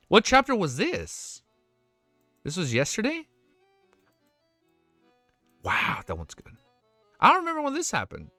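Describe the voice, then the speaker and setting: Excitable swearing male streamer. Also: mid-range voice, dry recording. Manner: excitable, swears often, quick exclamations. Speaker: streamer reacting to fan art. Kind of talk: casual live-stream reaction.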